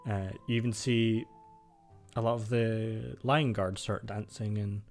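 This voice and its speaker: A man's voice: on the low side, fairly even intonation, a little slow, soft background music. A man narrating as game master, loose and full of fillers.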